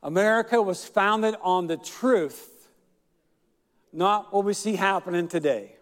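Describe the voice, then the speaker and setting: A male pastor preaching a sermon, telling a story with fillers, drawn-out words and shouted emphasis. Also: sits high, in a large hall.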